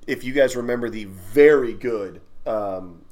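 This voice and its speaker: A man's voice: medium pitch, a little slow, a little mellow. Man, podcast co-host, casual chat, rambling, swearing.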